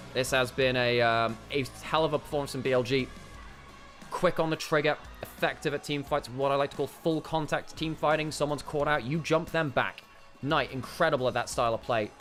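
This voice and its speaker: A man giving esports color commentary and wrap-up analysis, lifting with excitement at big plays. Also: mid-range voice.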